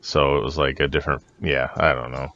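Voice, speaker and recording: A man's voice: very deep voice, flat delivery, brisk, pushed and bright, dry recording, highs cut off. A man co-hosting a podcast in casual chat, laid-back and joking with plenty of swearing. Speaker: podcast co-host.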